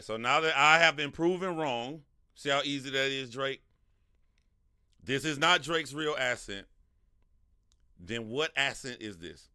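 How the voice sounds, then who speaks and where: A man's voice: medium pitch, pushed and bright, smooth, dry recording, clean studio sound. A man hosting a casual livestream and commenting animatedly, talking back to his chat and laughing often. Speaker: livestream host.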